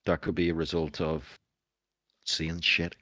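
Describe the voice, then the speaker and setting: A game master rambles through setup with plenty of fillers. His voice sits low and the sound is dry and close. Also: level tone, measured pace, a bit bright, no room sound. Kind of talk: casual tabletop game chat.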